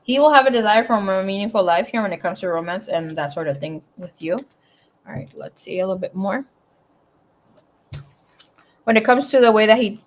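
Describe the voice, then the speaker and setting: A woman's voice: medium pitch, expressive, brisk, pauses often. A woman giving a casual tarot reading in a chatty, blunt way, swearing freely as she talks. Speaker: tarot reader.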